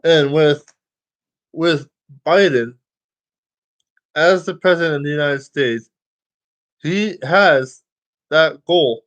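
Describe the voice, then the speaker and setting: A man's voice: on the high side, slow, long pauses, fairly bright tone. A man talking casually to his viewers, rambling, restarting lines and swearing freely. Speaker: vlogger.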